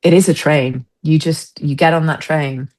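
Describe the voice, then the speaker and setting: A stage actress chats as a podcast guest, her low-pitched voice moving at a moderate pace. She's an animated storyteller who acts out other people's words in a casual interview.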